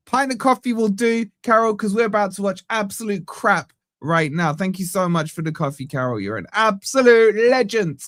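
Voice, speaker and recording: A slightly high-voiced man hosts a live football watch-along stream from his home setup. He keeps up a steady flow of banter and shout-outs to his viewers. The sound is close and dry, with no room around it. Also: normal speed, no room sound. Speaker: fan channel host.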